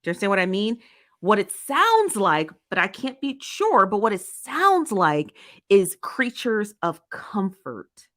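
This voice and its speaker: This casual commentary show host reads viewer comments and argues emphatically, frequently repeating herself and checking in with "okay?" and "right?". Her mid-range voice is fairly bright and unhurried, with big swings in pitch.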